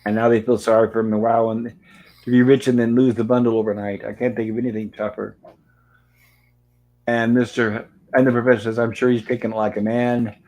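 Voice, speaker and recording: A man's voice: mid-range voice, level tone, fairly quick, a little mellow, rough recording. A man hosting a show, casually retelling old TV episodes scene by scene, reading the characters' lines aloud and adding dry asides. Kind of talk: casual recap and commentary.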